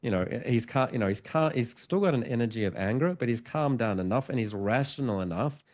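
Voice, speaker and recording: A middle-aged man, a hypnotherapist guest, telling a story in casual podcast talk, animated and full of restarts. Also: medium pitch, a little fast. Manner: animated retelling with frequent restarts and acted-out dialogue.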